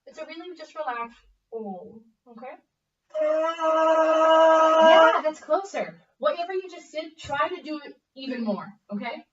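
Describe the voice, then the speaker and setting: A young woman teaching a bassoon lesson, upbeat and encouraging, checking in with the student often. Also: lively intonation, moderate pace, very noisy. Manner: upbeat, coaching with frequent okay checks. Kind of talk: encouraging one-on-one music lesson. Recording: echoey, distant, dull room audio.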